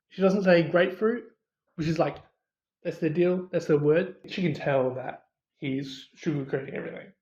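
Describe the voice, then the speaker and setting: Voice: medium pitch, fairly even intonation, normal speed, a little mellow, dull audio. Casual movie reviewer, rambling plot retelling, lots of "like" and "um", roomy echo. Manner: rambling, filler-heavy retelling with quoted asides.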